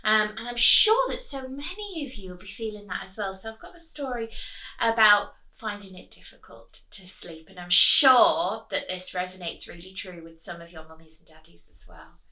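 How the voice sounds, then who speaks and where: Animated woman reading a storybook. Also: mid-range voice, normal speed. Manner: animated, asks children questions, drops to whispers. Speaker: children's storyteller. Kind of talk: reading a picture book aloud to children. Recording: echoey room, distant mic.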